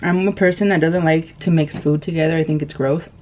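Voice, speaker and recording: A woman's voice: deep voice, steady tone, a little fast, darkish tone. A woman in her thirties telling a story while eating on camera, in casual chat full of fillers and laughs. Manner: chatty, laughs often, many fillers. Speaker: mukbang vlogger. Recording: dull lo-fi camera audio with faint noise.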